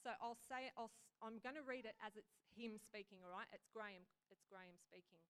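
A woman's voice: medium pitch, brisk, hardly any pauses, fairly bright tone, clear, resonant tone. A woman giving an informal sermon in a candid, conversational way, often restarting her sentences. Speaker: preacher.

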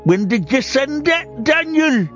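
A radio host putting on a Yorkshire accent to play a chatty bloke, teasing a caller in banter. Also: male voice, extremely high pitch, expressive, slow pace, a bit bright, faint music behind, voice pushed up, full character voice. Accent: Yorkshire, put on.

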